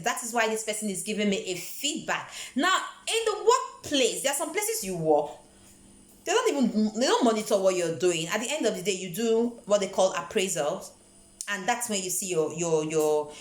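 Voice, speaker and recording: A woman from Nigeria speaks with a Nigerian accent in a voice of ordinary pitch. She gives an earnest, emphatic motivational vlog about handling work, often repeating a word while she finds the next. The room around her is echoey. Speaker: vlogger. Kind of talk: motivational career talk.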